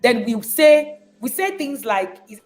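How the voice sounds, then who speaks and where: A woman's voice: high-pitched, big pitch swings, unhurried, a little mellow, faint music behind, low-quality recording. A woman giving a live talk as a parenting coach. She speaks with emphasis, repeats phrases to drive points home, and acts out parents as she goes. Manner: repeats words when stressing a point.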